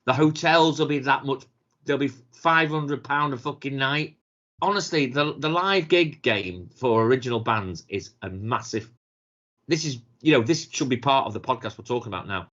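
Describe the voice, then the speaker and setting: A middle-aged man with a Manchester accent, chatting casually on a podcast, sweary and animated, laughing often. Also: mid-range voice, moderate pace, highs cut off. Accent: Mancunian. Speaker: podcast co-host. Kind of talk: casual chat.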